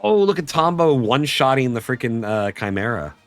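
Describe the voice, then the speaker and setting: A man's voice: medium pitch, fairly quick, no room sound, soft background music. A man chatting casually and joking with profanity while streaming a game. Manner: joking, profane, lively banter. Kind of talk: casual gaming chat.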